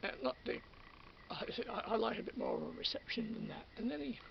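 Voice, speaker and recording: A man's voice: very high-pitched, very animated, fairly quick, gravelly, dull audio, a little hiss or hum. A man with an Australian accent rambling through an everyday story in a casual monologue, repeating and restarting, getting indignant. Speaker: channel host.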